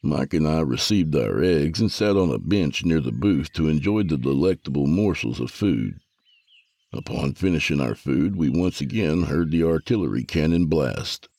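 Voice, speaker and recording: A man narrating a first-person story with a gravelly, husky voice. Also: very deep voice, animated, normal speed, mellow, dry recording.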